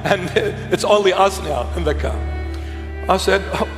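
A man's voice: high-pitched, normal speed. A man preaching a sermon, telling a story with humor and self-mockery. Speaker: bishop preaching. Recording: echoey hall with music behind.

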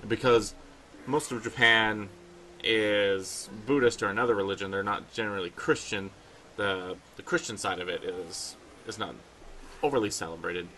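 A man hosting casual gameplay commentary, excitable and swearing casually as he plays. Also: lowish voice, a little hiss or hum. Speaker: host.

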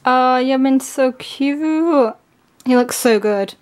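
A woman gushing excitedly through a casual unboxing, her voice strained and giving out. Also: high-pitched, slow. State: voice giving out, coughing. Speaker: K-pop album unboxer.

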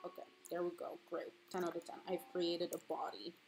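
A woman's voice: on the low side, little pitch movement, a little fast, gravelly, background noise. A woman in her twenties chatting casually while drawing on stream, swearing freely and breaking into squealing laughs when flustered. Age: 20s. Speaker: streaming artist.

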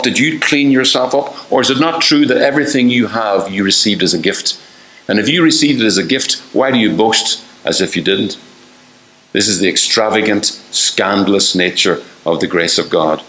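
A man's voice: mid-range voice, a bit bright, reverberant, rough recording. An older man preaching a fervent sermon, asking the listeners one rhetorical question after another and acting out the voices he quotes.

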